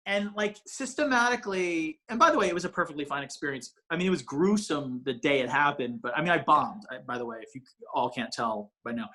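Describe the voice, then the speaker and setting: A man's voice: a little high, a little fast, hardly any pauses, sharp tone. A man, a comedian guest, talking casually on a podcast in a rambling way with many restarts. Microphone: ring light setup, home video call.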